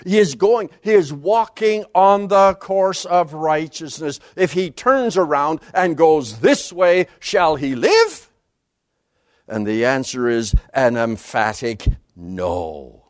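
Speaking emphatically and with energy, a male Bible teacher works through scripture in an expository lecture, going low and soft on important words and reading passages at a fast clip. The sound is studio quality, free of echo.

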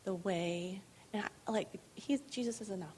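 A middle-aged woman telling her own faith story in a candid, conversational way. She is earnest, often laughs, and at times drops into a hushed voice. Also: mid-range voice, moderate pace, a little hiss or hum.

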